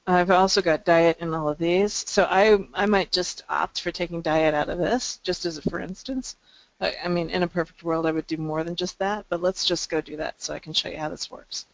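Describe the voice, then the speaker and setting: A woman presenting a webinar, walking through a software demo with ums and restarts. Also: fairly low pitch, fairly even intonation, a little fast, dry recording. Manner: explanatory, frequent ums and restarts. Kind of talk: screen-share software demo. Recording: dry, dull lo-fi call audio.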